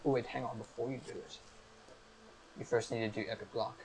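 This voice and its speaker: A man acting as game master on a live stream, explaining each rule of a tabletop game step by step in a brisk, upbeat way. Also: medium pitch, little pitch movement, breathy edge, poor audio.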